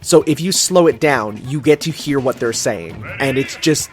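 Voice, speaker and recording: A man's voice: mid-range voice, animated, moderate pace, faint music behind. A man co-commentating a video game, chatting casually and rambling through trivia with lots of fillers.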